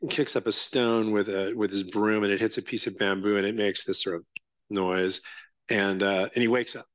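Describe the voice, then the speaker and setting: A man's voice: lowish voice, fairly even intonation, moderate pace, a bit bright, no room sound. A male Zen teacher giving a conversational dharma talk with many fillers, restarts and a frequent "right?".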